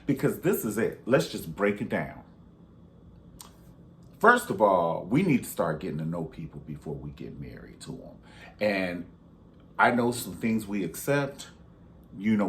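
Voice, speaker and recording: A lower-pitched man talking casually and sassily about a reality show. His pitch swings widely, soaring into high exclamations before dropping into low, hushed asides. A faint hiss sits behind him. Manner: animated and sassy, with big pitch jumps and sudden whispers. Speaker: reality TV commentator. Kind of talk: casual commentary vlog.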